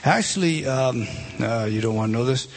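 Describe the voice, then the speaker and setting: A man of ordinary pitch teaches a Bible passage word by word, breaking off and starting over again and again. He climbs higher and louder to stress a point, under a faint steady background noise. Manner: halting, many restarts, points at a page and rises when stressing a word.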